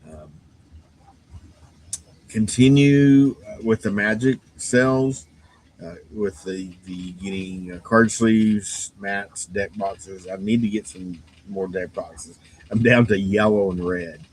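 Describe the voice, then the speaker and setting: A man's voice: low voice, steady tone, takes it slowly, slightly rough, rough recording. A man who runs a game store, giving a rambling, casual shop update full of fillers and restarts and sounding a bit tired. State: yawning, tired.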